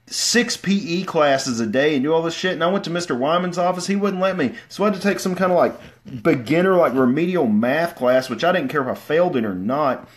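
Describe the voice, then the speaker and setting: Rambling man telling stories. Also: fairly high pitch. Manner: rambling, self-deprecating, many fillers and restarts; bursts into loud shouts when acting out stories. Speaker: vlogger. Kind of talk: casual storytelling livestream.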